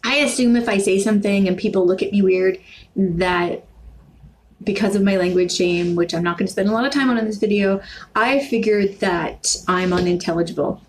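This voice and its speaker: An American woman from the Northeast, with some Canadian-sounding vowels, vlogging casually about language, rambling and correcting herself, with quirky intonation that jumps up when she gets excited. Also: mid-range voice, a little fast, slight background noise, low-quality recording. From New York and Pennsylvania, USA. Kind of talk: casual talking-to-camera vlog.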